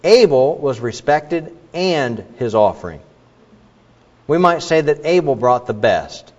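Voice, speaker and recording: A man preaching a sermon in an animated, questioning manner, with asides to the congregation. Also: mid-range voice, slow. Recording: dull recording with long hall reverb.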